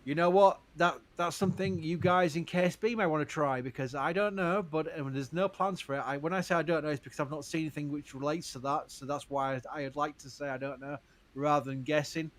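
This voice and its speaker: A man hosts a casual live-stream Q&A, reading viewer questions aloud. His voice sits somewhat high. He answers with care, stresses what he doesn't know, and breaks into short laughs between points. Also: fairly even intonation, a little fast.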